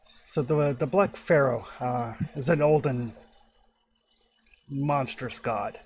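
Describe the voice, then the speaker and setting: Male GM playing a solemn male keeper of occult books, measured delivery. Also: mid-range voice, close to an everyday voice.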